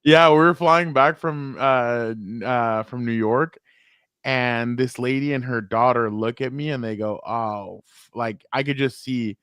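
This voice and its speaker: A man co-hosting a sports podcast, telling a funny story in a relaxed chat and acting out the people in it. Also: medium pitch, a little slow, clear, resonant tone, no room sound, studio quality. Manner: animated storyteller, acts out quoted voices. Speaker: podcast co-host.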